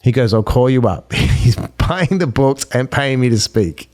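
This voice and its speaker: Unhurried, animated, and a little mellow, a man with a medium-pitched voice tells stories as a podcast guest. He's a life coach, and he plays out both sides of each exchange as he recounts them in conversation.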